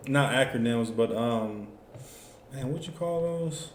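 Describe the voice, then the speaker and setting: A man's voice: medium pitch, takes it slowly. Man leading a class, easygoing and rambling, recorded in a reverberant room. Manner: loose, conversational, many fillers like "you know what I'm saying". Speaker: teacher. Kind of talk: casual classroom instruction. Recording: echoey room with faint noise.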